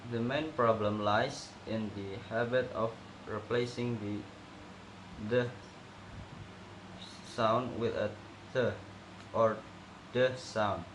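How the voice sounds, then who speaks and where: A young male student slowly reading out a pronunciation assessment and demonstrating sounds. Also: on the low side, steady tone. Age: young adult. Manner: slow, careful, demonstrating sounds. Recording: echoey room with noticeable background noise.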